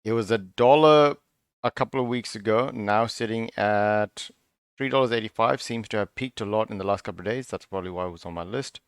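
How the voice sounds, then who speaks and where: A man's voice: on the low side, brisk, clean tone, dry recording, clean studio sound. A man hosting a casual card review, thinking aloud in a musing, half-sarcastic way, often breaking off and restarting. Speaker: card review channel host.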